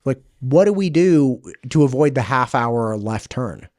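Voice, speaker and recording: A man in his forties hosting a podcast interview, talking in a casual, animated way with rambling tangents and lots of fillers. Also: mid-range voice, unhurried, no room sound, clean studio sound. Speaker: podcast host.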